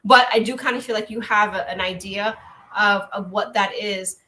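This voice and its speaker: A woman coach giving a gentle, earnest oracle card reading on a live stream, rambling a little with restarts. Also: mid-range voice, fairly even intonation, normal speed.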